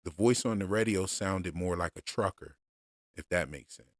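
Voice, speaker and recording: A man chatting casually on a livestream about show theories, relaxed and unhurried, with lots of fillers and restarts. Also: deep voice, dry recording, studio quality. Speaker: streamer discussing show theories.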